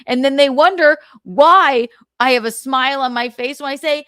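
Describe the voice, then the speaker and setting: A woman's voice: sits high, normal speed, no echo, clean studio sound. A woman hosting a livestream, ranting casually with lots of swearing and exasperation. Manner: animated, profane, exasperated. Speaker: livestream host.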